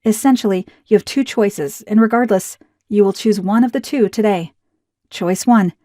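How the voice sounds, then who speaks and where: A woman reading a scripted promotional narration in a smooth, even, persuasive way. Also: mid-range voice, normal speed, dry recording, clean studio sound.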